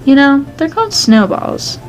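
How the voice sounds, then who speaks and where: A woman's voice: high-pitched, big pitch swings, normal speed, soft background music, pitched above the performer's own voice, poor audio. A woman voicing a cocky, playful masked young man who speaks in a teasing, matter-of-fact way.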